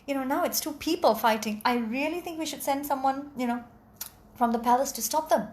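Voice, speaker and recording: A woman's voice: high voice, fairly quick, a little mellow, lightly acted. A woman storyteller voicing an anxious male royal advisor pleading with his king. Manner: fretful, pleading.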